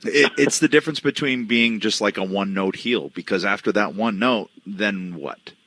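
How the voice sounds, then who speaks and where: A middle-aged man with a very deep yet bright, forceful voice, co-hosting a podcast. He talks in a measured, thoughtful way, drawing his phrases out. The recording is dry. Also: no echo. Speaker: co-host. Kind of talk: casual podcast chat.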